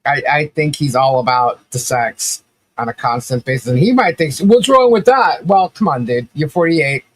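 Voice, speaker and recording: A woman's voice: rumbling low, normal speed. A middle-aged woman hosting a casual live stream, chatting animatedly and laughing often as she reacts to viewer comments. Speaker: livestream commentary host.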